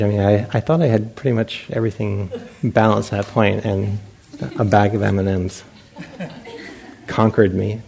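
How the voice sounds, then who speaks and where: At a meditation center, a male meditation teacher gives a dharma talk, telling self-mocking stories in which he acts out his own past thoughts and laughs often. His voice is fairly low, gravelly, a little mellow, with a breathy edge.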